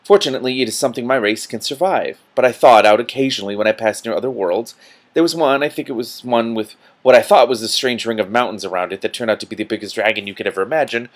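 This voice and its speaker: A courteous, sorrowful male water troll from a storybook, as a man puts him on while reading aloud. He speaks mildly and with measured calm, in a lowish, soft voice that sounds a touch gloomy. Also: lightly acted.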